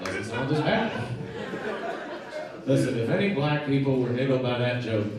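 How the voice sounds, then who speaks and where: A man's voice: medium pitch, expressive, normal speed. A man doing a stand-up set, telling a story and acting out the people in it. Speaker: stand-up comedian. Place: comedy club stage. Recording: echoey club, mic at a distance, loud crowd. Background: audience laughter.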